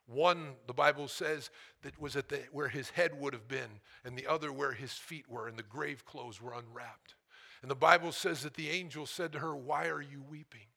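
A middle-aged male preacher giving a sermon, swinging from loud calls to hushed whispers and asking the congregation questions. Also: medium pitch, moderate pace, gravelly. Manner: asks the congregation "how many know".

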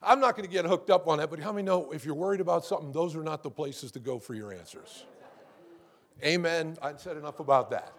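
A man's voice: fairly high pitch, quick pace. A male pastor preaching a sermon, calling out to the congregation with asides and building to fervent emphasis.

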